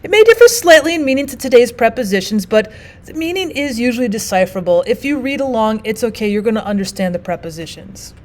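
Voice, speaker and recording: A woman's voice: a little high, animated, fast talker. A woman teacher narrating a recorded language arts lesson, explaining and reading quotes aloud with emphasis.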